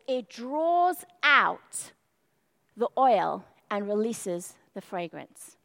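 A woman's voice: high-pitched, fairly bright tone. A woman preaching a sermon, telling the story with feeling and acting out the quoted voices. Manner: storytelling, acts out quoted speech with rising intensity. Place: perfume lamp demonstration at the start.

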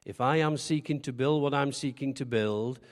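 A man's voice: mid-range voice, normal speed. Man preaching with long hall reverb. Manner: conversational, asks the congregation questions; humorous, self-deprecating storytelling. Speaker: pastor. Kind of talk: sermon.

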